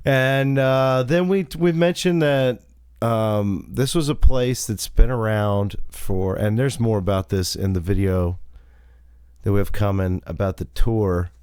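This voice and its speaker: A man from the United States tells a meandering, easygoing story in casual podcast chat. His voice sits fairly low and sounds smooth and clear. The recording is dry and close, made at home. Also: unhurried, darkish tone, dry recording. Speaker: podcast co-host.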